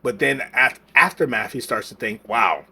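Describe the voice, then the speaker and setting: Male podcast co-host, husky voice, casual rambling anime talk, full of fillers and restarts. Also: medium pitch, normal speed, pushed and bright. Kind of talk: casual anime review chat.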